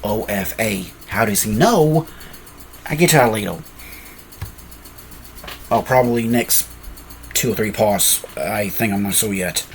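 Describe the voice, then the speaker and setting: A man tells a homemade fan story at an unhurried, drawn-out pace, stopping often to correct himself and apologize. His pitch sits in an ordinary middle range. A faint hiss of background noise runs under the recording. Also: a bit bright. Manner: rambling, self-correcting, apologetic asides. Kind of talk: casual fan-fiction storytelling.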